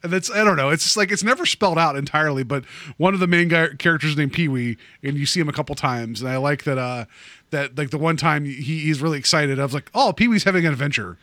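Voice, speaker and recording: A man hosting a relaxed movie podcast, talking in a loose, rambling way full of filler words. His voice sits a little high and bright, recorded dry and close. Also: quick pace, dry recording. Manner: rambling, chatty, lots of "like" and "um". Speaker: podcast host. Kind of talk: casual movie podcast chat.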